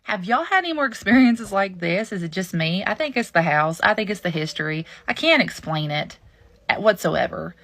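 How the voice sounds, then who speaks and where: A woman's voice: medium pitch, moderate pace, no room sound. A woman telling a personal ghost story in a folksy, confiding way. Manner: folksy, confiding, animated when quoting others. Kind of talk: casual personal storytelling to camera.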